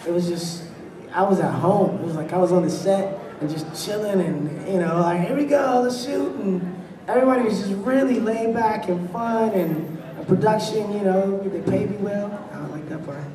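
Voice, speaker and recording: A man on a convention panel telling stories with lively delivery, laughing often and acting out the people in his tales. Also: sits high, moderate pace, a crowd in the background. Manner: animated, laughs between anecdotes, acts out voices. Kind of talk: storytelling on a fan panel. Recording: echoey hall, voice from far off.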